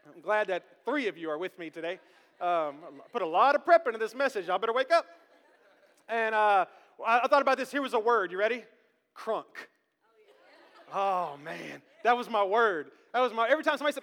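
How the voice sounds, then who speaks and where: A man in his thirties delivers a sermon with a strikingly high voice. He jokes with the congregation, asks them questions and keeps repeating himself as he goes. The sound carries a long reverb from a large church hall. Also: fairly quick. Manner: joking, animated, repeats words, talks to the congregation. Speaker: pastor. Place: church sanctuary.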